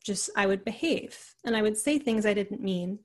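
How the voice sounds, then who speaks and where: A woman's voice: medium pitch, moderate pace. Rambling woman telling a story. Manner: rambling, heavy use of "like" and "you know". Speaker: podcast guest. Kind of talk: casual conversational storytelling.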